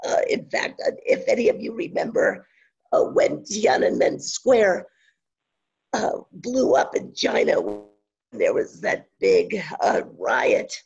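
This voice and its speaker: A speaker in their sixties with a very scratchy, strained voice that keeps breaking, giving an online teaching presentation in halting phrases full of pauses and fillers. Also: mid-range voice, wildly swooping pitch, gravelly, darkish tone, husky, lo-fi sound. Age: 60s. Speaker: online instructor. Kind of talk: webinar presentation.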